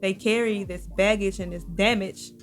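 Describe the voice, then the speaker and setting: A woman's voice: medium pitch, fairly even intonation, moderate pace, faint music behind. A young woman co-hosting a podcast, talking earnestly in casual chat and peppering her points with "you know". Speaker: podcast co-host.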